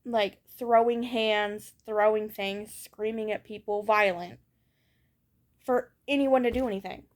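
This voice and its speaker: A young woman vlogger delivers a candid, ranting personal monologue, raw and blunt, swearing and circling back over her thoughts. Her mid-range voice keeps fairly even intonation at a measured pace.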